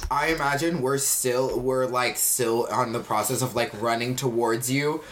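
A woman playing a tabletop game, chatting casually and slowly, laughing easily. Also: very deep voice, echoey room, slight background noise. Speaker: player.

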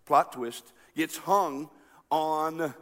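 A man preaching a sermon, telling a story with lively acted-out voices. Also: a little high, drawn-out words, long reverb tail. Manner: animated storytelling, acting out characters. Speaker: pastor.

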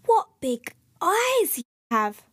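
A woman voicing a young girl in a red hood, speaking high and slowly. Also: sing-song, a little mellow, no room sound, studio quality, full character voice. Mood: surprised.

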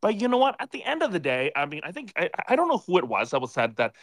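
A man's voice: high voice, wildly swooping pitch, fast, a bit bright, no echo. A man calling into a live audio chat from a bar, a bit tipsy from beer, rambling and exasperated with lots of filler words. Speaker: caller.

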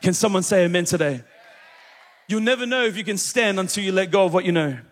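This male preacher has an unusually high voice and talks fast, spinning a lively story for his congregation and calling questions out to them. The sound carries the long echo of a church hall.

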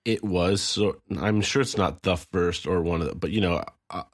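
A man with a very deep voice muses in a meandering way, hedging his points with "like" and "you know." He speaks as a laid-back podcast co-host. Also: moderate pace. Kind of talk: casual chat.

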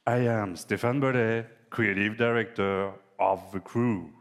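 A man with a French accent giving a scripted game presentation, with slow, drawn-out delivery and long pauses. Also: on the low side, fairly even intonation, gravelly. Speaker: game creative director.

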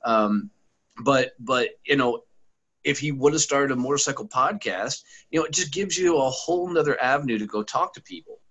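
A man's voice: mid-range voice, normal speed, fairly bright tone, husky, poor audio. A man, a podcast guest and former sales trainer talking bluntly and profanely in a casual interview, full of anecdotes.

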